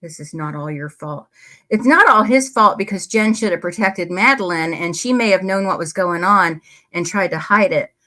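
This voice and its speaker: A woman's voice: medium pitch, normal speed, sharp tone. Blunt angry woman commenting on crime. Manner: angry, blunt, swearing, talks to viewers. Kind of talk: casual commentary reading emails. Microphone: desk microphone close by.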